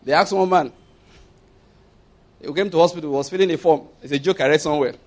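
A man's voice: on the high side, brisk. A man preaching a sermon, telling stories and jokes with emphatic, acted-out quotes.

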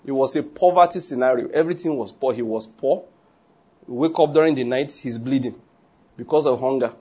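A man's voice: mid-range voice, a little fast, darkish tone, breathy edge. A man with a Nigerian accent preaching a sermon, chatty and humorous, dropping into Pidgin asides. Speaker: pastor.

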